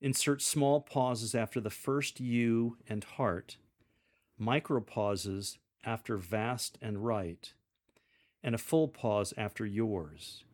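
A man giving measured, deliberate instructions on how to read scripture aloud to a congregation. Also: fairly low pitch, darkish tone. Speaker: lector coach. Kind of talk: instructional coaching on scripture reading.

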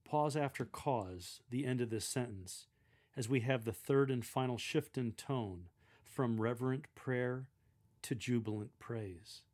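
Measured man coaching scripture readers. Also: medium pitch, darkish tone. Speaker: lector coach. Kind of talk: instructional commentary on reading scripture.

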